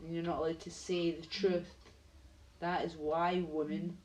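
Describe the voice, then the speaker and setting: A woman's voice: low voice, flat delivery, measured pace, a little mellow, low-quality recording. A Scottish woman live streaming, chatting bluntly and casually, swearing and reading out video titles as she goes. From Scotland.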